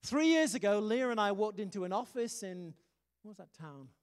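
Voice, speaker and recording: British pastor preaching in a reverberant hall. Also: male voice, sits high, very animated, moderate pace, smooth. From Britain. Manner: emphatic, humorous preaching with sudden punchy exclamations. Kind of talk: sermon.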